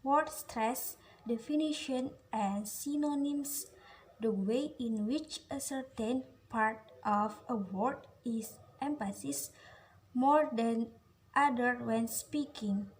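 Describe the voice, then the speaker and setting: A woman's voice: a little high, takes it slowly, a little hiss or hum, poor audio. A young woman with an Indonesian accent giving a student presentation, reading a prepared script carefully. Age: young adult. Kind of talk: class presentation on phonology.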